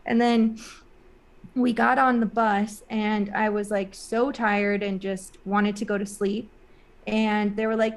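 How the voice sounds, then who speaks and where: A woman's voice: mid-range voice, flat delivery, normal speed. A woman guest in an interview, telling a personal story in a casual, rambling way with many "like" and "um" fillers, earnest and emotional.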